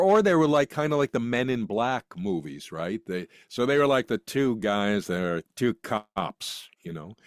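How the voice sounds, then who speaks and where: A man's voice: medium pitch, no room sound. Rambling storytelling man, dry close sound. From United States. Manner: rambling and anecdotal, with many restarts. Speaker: guest actor. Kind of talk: casual interview storytelling.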